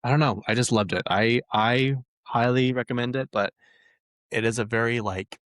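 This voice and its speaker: A man chatting casually as a vlog host, gushing and excitable with lots of fillers. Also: medium pitch, moderate pace, no echo. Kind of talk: casual chat. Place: lives in Utah.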